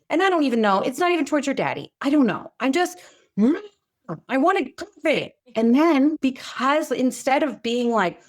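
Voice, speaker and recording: Expressive woman co-hosting a talk show. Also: moderate pace. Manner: expressive, acts out quotes with big pitch jumps. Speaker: podcast co-host. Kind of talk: casual chat.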